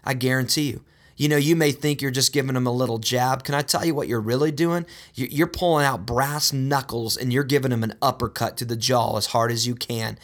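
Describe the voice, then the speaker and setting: A man's voice: mid-range voice, steady tone, a little fast. A man preaching a sermon in an earnest, direct way, often calling his listeners "guys" and repeating words for emphasis. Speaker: pastor.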